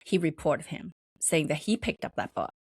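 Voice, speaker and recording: Female podcast host, low voice, rambling casual storyteller, dry close mic. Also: expressive, moderate pace, a little mellow, breathy edge, no echo. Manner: rambling, many fillers, acts out quoted voices higher.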